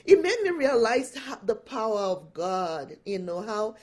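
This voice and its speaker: A woman guest and empowerment coach, telling personal stories with animated delivery and frequent laughter. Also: medium pitch, a little slow. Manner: animated storytelling, laughs often. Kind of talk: storytelling in an interview.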